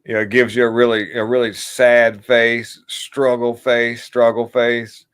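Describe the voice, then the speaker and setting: Rambling, crude male livestream host. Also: mid-range voice. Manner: rambling, crude and mocking, laughs at his own jokes. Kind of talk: casual political commentary livestream.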